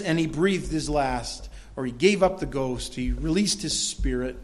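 A man preaching a sermon as pastor of a church, earnest and swelling loud when he reads scripture. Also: on the high side, normal speed, hardly any pauses.

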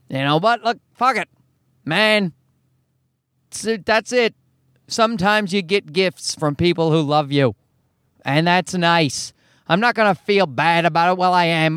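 A man with a Newfoundland accent, hoarse from a cold, hosting his podcast in a rambling, profane, self-mocking chat. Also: on the high side, a bit bright, no echo, studio quality. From Newfoundland, Canada. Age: adult, married. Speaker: podcast host. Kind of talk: casual solo podcast chat.

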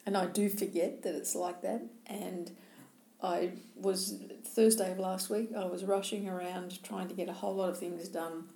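Sex: woman. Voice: gravelly, warm. Style: candid storytelling in a room with echo. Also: lowish voice, steady tone, normal speed. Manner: candid, self-deprecating storyteller. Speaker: co-host. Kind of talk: casual chat, personal anecdote. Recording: roomy echo.

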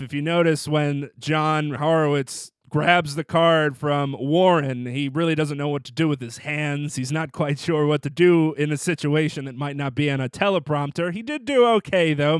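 A man's voice: fairly high pitch, clean tone, no room sound. A man hosting a sports podcast, reading a scripted segment in a wry, playful way. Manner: wry, playful delivery with jokey put-on voices. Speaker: podcast host.

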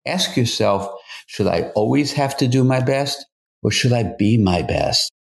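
An older man, a psychotherapist hosting a podcast, talking in an earnest, measured way and putting questions to the listener. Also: mid-range voice, animated, vocal fry. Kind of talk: reflective solo podcast talk.

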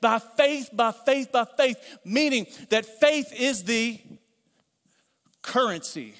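A man's voice: extremely high pitch, lively intonation, slow, a bit bright. A middle-aged man preaching a sermon as pastor, conversational, with repeated phrases and asides. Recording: long hall reverb.

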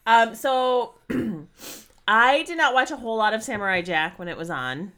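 A woman's voice: on the high side, lively intonation, moderate pace, fairly bright tone. A woman co-hosting a podcast, chatting casually in a rambling, giggly way. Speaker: podcast co-host. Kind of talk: casual chat.

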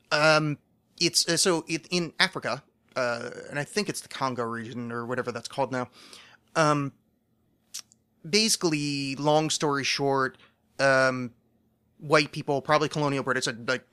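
Male podcast host, bright tone, mid-range pitch; rambling, swears freely, pokes fun at himself. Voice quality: rambling, profane, self-deprecating. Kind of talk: casual solo podcast monologue.

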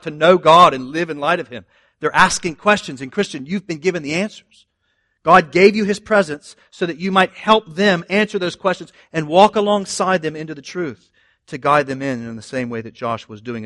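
Male pastor, slightly high voice, animated sermon delivery with joking asides. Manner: animated preaching, rising loud on scripture quotes, asides to the congregation. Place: church.

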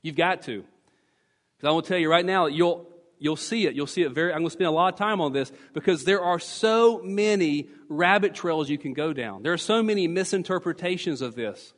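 In a church sanctuary, a male pastor preaches an emphatic teaching sermon, repeating key phrases to drive his points home, with long church reverb on the recording. His voice is a little high and moves at a moderate pace.

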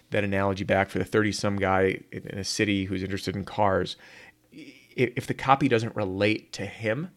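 Punchy lower-voiced man giving marketing advice. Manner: energetic, punchy, repeats words when restarting. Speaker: marketing podcast host. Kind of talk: solo talk to camera.

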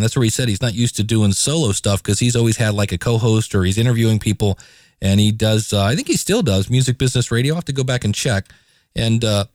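A man hosting his own podcast, talking casually with lively inflection and playful asides. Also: medium pitch, no room sound, studio quality. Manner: chatty, animated, playful asides. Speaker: podcast host. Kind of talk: casual solo podcast talk.

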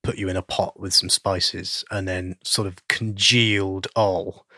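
A man's voice: low-pitched, level tone, unhurried, breathy edge, no echo. A man, a podcast co-host chatting and joking in casual banter. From West London. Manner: jokey, teasing, loud bursts.

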